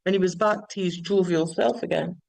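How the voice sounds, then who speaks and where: Caller, rambling storyteller, stumbles and restarts, dry close sound, middle pitch. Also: fairly even intonation, fairly quick, vocal fry, darkish tone, no echo, low-quality recording. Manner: many restarts and repeated words.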